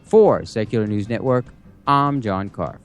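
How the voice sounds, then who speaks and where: A man's voice: lowish voice, lively intonation, a little slow, over music. A man presenting a satirical news segment with a sarcastic, wry delivery.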